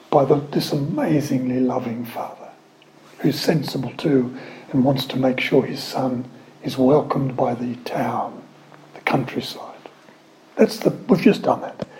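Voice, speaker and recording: A man giving a sermon, telling a scripture story with lively, conversational asides and questions to the listeners. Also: medium pitch, slight background noise, poor audio. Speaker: preacher.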